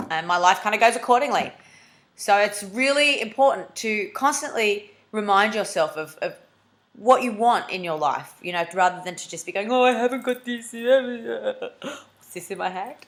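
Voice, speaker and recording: Speaking straight into the lens, this Australian woman makes a jokey, animated confessional vlog. Now and then she pops into a squeaky, high-pitched voice for comic effect.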